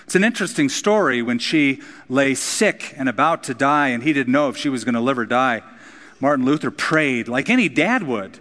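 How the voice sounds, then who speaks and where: Male pastor, mid-pitched, earnest sermon delivery with casual asides, long hall reverb. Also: a bit bright. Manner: earnest preaching, shifting between casual asides and emphatic peaks.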